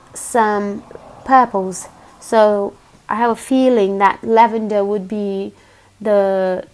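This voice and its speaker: A woman hosting a casual unboxing video for a knitting channel, with a hoarse, croaky voice. She chats easily and pauses often to find her words. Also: mid-range voice. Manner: chatty, pausing with fillers and restarts.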